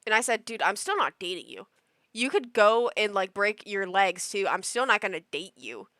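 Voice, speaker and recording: A woman in her twenties streaming live, telling a story in casual chat. She acts out quotes and breaks into sudden loud outbursts. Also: mid-range voice, very animated, moderate pace, dry recording, studio quality. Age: 20s.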